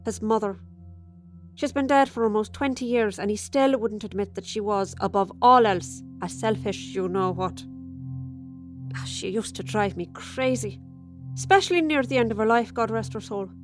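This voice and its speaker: A woman's voice: medium pitch, normal speed, faint music behind, natural voice. A woman playing a bitter, tipsy Irish widow. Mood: confiding. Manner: chatty, confiding, with sudden flashes of resentment. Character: bitter, tipsy middle-aged Irish widow talking over dinner. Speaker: storyteller. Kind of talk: dramatic monologue reading.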